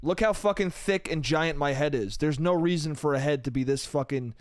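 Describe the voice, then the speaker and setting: A man's voice: on the high side, moderate pace, no echo, studio quality. A young man hosting a solo comedy podcast, rambling and self-mocking, swearing freely and calling the listener dude and bro. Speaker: podcast host.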